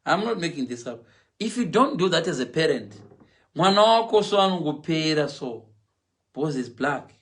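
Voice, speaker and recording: A man's voice: fairly high pitch, normal speed. A middle-aged man chatting casually on a live stream, mixing English and Shona and acting out voices. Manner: animated, switches often between English and Shona; acts out quoted voices and animal sounds.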